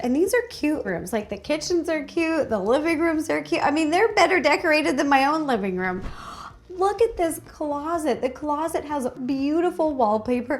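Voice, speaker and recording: A woman hosting a casual reaction video, gushing and excitable, gasping often and exclaiming in delight. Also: high voice.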